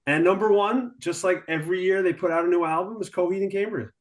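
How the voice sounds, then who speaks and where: A man's voice: high voice, fast. A man from Long Island, a podcast guest, chatting enthusiastically with hesitant fillers. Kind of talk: casual chat.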